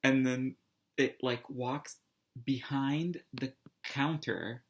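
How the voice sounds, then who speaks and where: Male storyteller, casual and rambling, animated delivery, average pitch. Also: normal speed. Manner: rambling, animated, heavy use of "like" and restarts. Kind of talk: casual anecdote telling.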